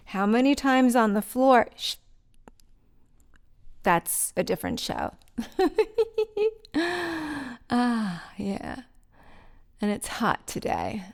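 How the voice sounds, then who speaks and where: A middle-aged woman hosting a vlog, chatting at home in a giggly, rambling, self-mocking way. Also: mid-range voice. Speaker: vlog host. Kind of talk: casual rambling monologue to camera. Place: sitting on the floor at home. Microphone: mic set up by her partner.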